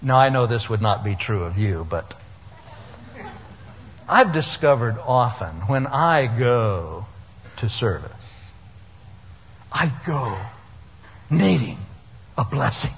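A man preaching in a lively, swooping voice with a slightly husky edge. He tells the story with humor and puts on voices for the people in it. The recording is lo-fi and dull, with a long hall reverb around him. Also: medium pitch, slow, pauses often. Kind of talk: sermon.

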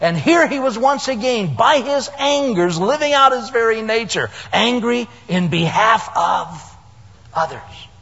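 Animated preacher in a dull, echoing hall. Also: male voice, extremely high pitch, unhurried, gravelly, slightly rough. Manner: animated storytelling, acting out voices with humor. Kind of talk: sermon.

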